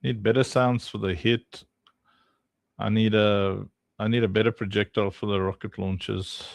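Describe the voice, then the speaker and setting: A man's voice: lowish voice, little pitch movement, normal speed, creaky, no room sound, clean studio sound. A man streaming while playtesting his own game, chatty and teasing, talking to viewers by name. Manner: chatty, teasing, laughs often, talks to chat by name. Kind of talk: casual livestream chat while playtesting.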